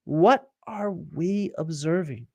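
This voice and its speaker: A man's voice: fairly high pitch, slow pace, creaky, dark tone, no echo. A middle-aged man hosting a live-stream science show, explaining and quizzing viewers from their comments, with many fillers and restarts. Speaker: archaeologist and show host.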